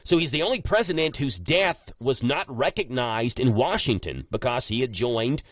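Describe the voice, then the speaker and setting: A man, hosting a casual morning radio show and chatting in a joking, animated way. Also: medium pitch, moderate pace, no echo. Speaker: radio host. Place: radio studio. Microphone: studio microphone.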